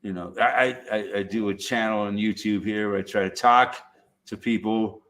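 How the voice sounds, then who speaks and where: A man's voice: fairly low pitch, fairly even intonation, normal speed, fairly bright tone, slight background noise. A man from Southern California hosting his own YouTube channel, chatting casually in a blunt way, swearing freely and laughing often. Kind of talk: casual chat.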